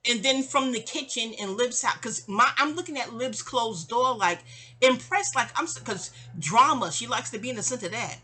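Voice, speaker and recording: Woman storyteller, chatty and rambling, bright tense voice, acts out the quotes. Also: a little high, animated, normal speed, husky. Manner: rambling, repeats and restarts words, acts out quotes. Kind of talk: casual storytime monologue.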